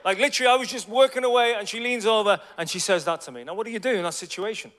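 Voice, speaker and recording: A man in his forties preaches with a high, bright voice, telling stories in a lively way. He swings from quiet asides to loud bursts. His voice rings out in a long, echoing hall. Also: rapid-fire. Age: 40s. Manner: animated, swings from hushed asides to loud exclamations. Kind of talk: storytelling sermon.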